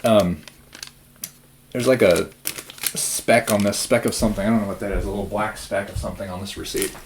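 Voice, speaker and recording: A man's voice: on the low side, steady tone, a little fast, slight background noise. A young man from the Spokane area, chatting in a rambling vlog, slightly out of breath and prone to tangents. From Spokane area, US Pacific Northwest. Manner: rambling, self-interrupting, chatty. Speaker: vlogger.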